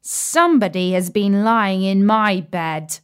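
A woman's voice: mid-range voice, slow pace, clear, resonant tone, lightly acted. A woman voicing a middle-sized bear in a storybook reading, in her own everyday voice. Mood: puzzled.

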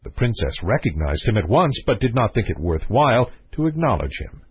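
A man reading a fairy tale aloud as narrator, with an expressive, varied delivery and a husky voice. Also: lowish voice, brisk, no echo, lo-fi sound. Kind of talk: storybook reading.

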